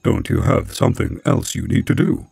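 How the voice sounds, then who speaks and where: A man voicing a sardonic talking computer that speaks in a flat, dull, deadpan way. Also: moderate pace, no room sound, faint music behind, lightly acted.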